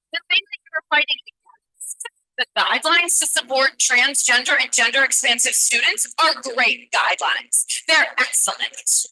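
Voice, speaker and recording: A woman speaking into a meeting microphone in a high, very bright voice. She delivers impassioned public testimony as a parent and presses the board with pointed questions. The sound is dry and close. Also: dry recording, low-quality recording. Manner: urgent, confrontational, pointed questions. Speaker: parent giving public comment.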